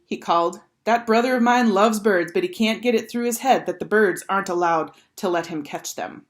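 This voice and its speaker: A woman teacher with a medium-pitched voice reads a children's chapter book aloud at a normal speed, telling the story in an expressive, animated way.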